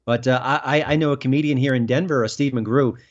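A man being interviewed as a film critic, talking emphatically and rising in pitch when indignant. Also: fairly even intonation, quick pace. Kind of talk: political interview. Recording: dull lo-fi sound.

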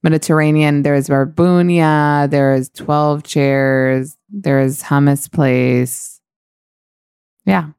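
A woman's voice: sits low, fairly even intonation, extremely slow, a little mellow, smooth, dry recording, clean studio sound. A woman hosting a podcast, chatting casually and candidly with lots of fillers. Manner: rambling, filler-heavy, candid. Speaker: podcast host.

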